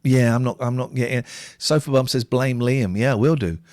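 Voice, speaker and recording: A man's voice: medium pitch, normal speed, darkish tone, no echo, clean studio sound. A man co-hosting a late-night live stream, chatting casually and reading out viewer comments in a wry way.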